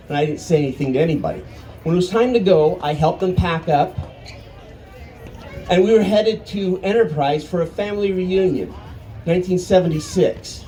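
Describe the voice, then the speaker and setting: A man in his fifties spins a family yarn on stage in a folksy, animated voice that sits fairly high but sounds mellow and soft. He leans on dramatic pauses, and a faint hum of surroundings stays behind him. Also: low-quality recording. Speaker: storyteller. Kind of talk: live storytelling. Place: arts festival stage.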